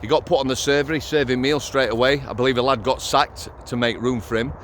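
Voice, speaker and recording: A man's voice: medium pitch, steady tone, fast. Middle-aged man, ex-prison officer vlogger; blunt, sweary storytelling, outdoors with faint street noise. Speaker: former prison officer, channel host. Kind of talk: casual vlog storytelling.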